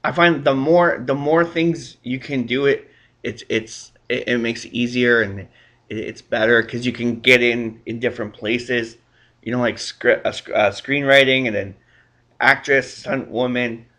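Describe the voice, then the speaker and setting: Bright-voiced man interviewer. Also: medium pitch, fairly even intonation. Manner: agreeable, encouraging, quick backchannels. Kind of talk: casual interview.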